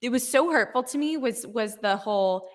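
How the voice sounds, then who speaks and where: A young woman in her twenties, a podcast guest, telling stories in an animated way with frequent laughter. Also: on the high side, normal speed. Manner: animated storytelling, laughing often. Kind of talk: casual interview chat.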